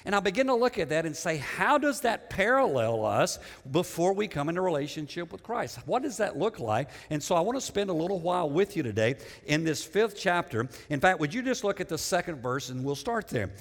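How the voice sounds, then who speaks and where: A man's voice: high-pitched, very animated, a little fast, few pauses. A middle-aged man preaching a sermon in a conversational way, repeating words and putting questions to the congregation. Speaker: pastor. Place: church sanctuary. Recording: long church reverb.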